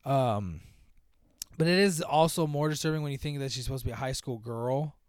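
A man co-hosting a casual movie podcast, joking crudely and slipping into quick voices when he quotes characters. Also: mid-range voice, clear, resonant tone, dry recording, clean studio sound. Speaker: podcast co-host.

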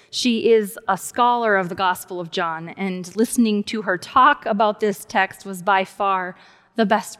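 A woman pastor delivers a sermon at an unhurried pace, talking to her listeners conversationally and dropping into near-whispers to stress a point. Her voice rings out with the long reverb of a large sanctuary. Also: mid-range voice. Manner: warm conversational preaching with soft, hushed emphases.

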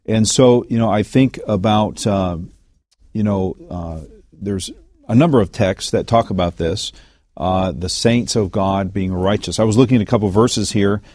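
A man with a low voice, a pastor discussing Bible questions in a measured, thoughtful way. He pauses often with "uh" and "you know" as he works through a point. The recording is dry and close. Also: darkish tone, no room sound. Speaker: pastor and co-host.

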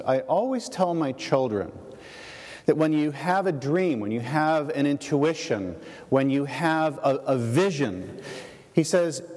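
A man giving a shared sermon as pastor, reflective and halting, with many fillers and restarts. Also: medium pitch, darkish tone, long reverb tail.

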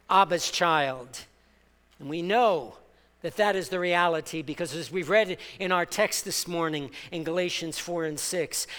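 A man preaches in a high, ringing voice, taking his time over each phrase. He builds from quiet reflection to fervent exhortation and draws the congregation into call-and-response. His words ring out with the long reverb of a church sanctuary. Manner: impassioned preaching that swells from soft to loud. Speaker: pastor. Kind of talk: sermon.

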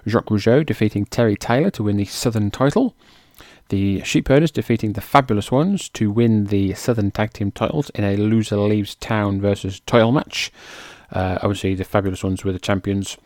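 A man hosts his podcast with a casual, chatty delivery and laughs at his own slips. His voice sits on the low side. The sound is dry, with no room around it. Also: brisk, darkish tone, no room sound. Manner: chatty, self-mocking, trips over names. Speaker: podcast host.

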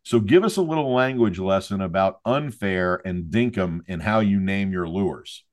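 A man hosting a podcast speaks with a very low voice. He tells stories in a wry, self-deprecating way and leads a friendly interview. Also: moderate pace. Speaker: podcast host.

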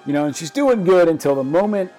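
A man in his forties, a podcast co-host, chatting casually and telling a family story with halting starts and repeated words. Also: on the high side, expressive, mellow, soft background music.

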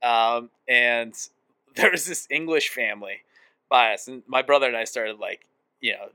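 A man co-hosting a casual podcast, reminiscing in a lively way and laughing as he talks. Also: medium pitch, normal speed, smooth, no room sound. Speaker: podcast co-host. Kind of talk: casual chat.

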